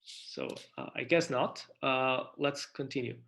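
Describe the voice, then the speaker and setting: A man giving an online conference lecture on physics, talking in a halting way with many restarts and fillers and inviting questions. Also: mid-range voice, fairly even intonation, gravelly, fairly bright tone. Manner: asks for questions and interruptions. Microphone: computer mic on video call.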